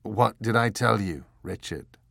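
A wry, sardonic nobleman, as a male reader puts him on, mild on the surface with irony underneath. The low voice moves freely in pitch, dry and close. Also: lively intonation, slow pace, no room sound.

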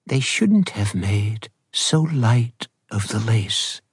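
A sweet, composed old woman visionary, as a male narrator puts her on, speaking slowly and gently with a husky edge. The storybook voice is dry and close, with no room around it. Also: fairly low pitch, very animated, no echo, exaggerated voice. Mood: gentle.

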